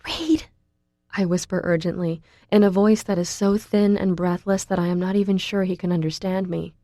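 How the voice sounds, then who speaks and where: A woman voicing a feverish young woman whose voice is weak, thin, raspy and breathless. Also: fairly low pitch, flat delivery, brisk, dry recording, clean studio sound, close to an everyday voice. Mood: panicked. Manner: soft and breathless.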